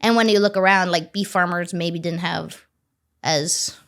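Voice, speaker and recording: A woman's voice: lowish voice, unhurried. Chatty woman telling stories. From Ontario, Canada. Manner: animated, chatty, swears casually, acts out quoted dialogue. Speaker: farmer, interview guest. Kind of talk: casual storytelling interview.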